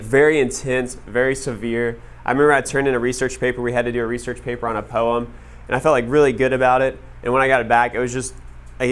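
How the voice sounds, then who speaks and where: A man telling a story to an audience in a casual, animated way, full of "like" fillers. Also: mid-range voice. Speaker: speaker addressing an audience. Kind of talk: storytelling talk to a live audience.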